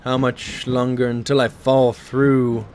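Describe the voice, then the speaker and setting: A man's voice: medium pitch, little pitch movement, slow, darkish tone, slight background noise. A man chatting casually while streaming a horror game, joking at his own expense. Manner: chatty, self-deprecating. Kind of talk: live gameplay commentary.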